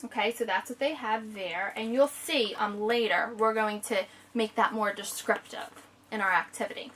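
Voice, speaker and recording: Expressive woman teacher reading aloud, slightly distant. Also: medium pitch. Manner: expressive, slows down to savor descriptive lines. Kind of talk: reading a picture book aloud to a child, with teaching asides.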